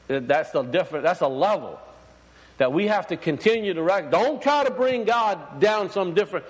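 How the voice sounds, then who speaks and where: A man's voice: high-pitched, lively intonation, normal speed. A man preaching to a congregation in a loose, conversational way, full of fillers and restarts, often asking his listeners questions. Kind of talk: sermon. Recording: long hall reverb.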